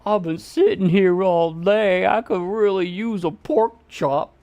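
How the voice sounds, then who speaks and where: A man's voice: high-pitched, slow pace, a little mellow, soft background music. A man voicing a sad, hungry male dog who pleads for food in a mopey way.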